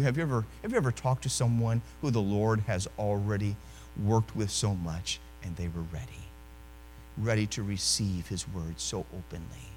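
A male preacher delivering a sermon, telling a story animatedly and swinging from loud to hushed. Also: on the low side, big-room sound, a little hiss or hum.

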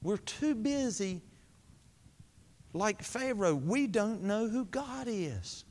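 A man preaching a sermon, asking the congregation questions and answering them himself, swinging between high emphatic lines and low quiet ones. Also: animated, slow pace. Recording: long hall reverb.

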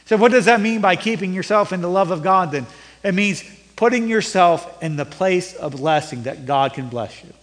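A middle-aged male pastor preaching a sermon, rising to emphatic peaks and then dropping low and conversational. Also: lively intonation, normal speed, fairly bright tone. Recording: long reverb of a church hall.

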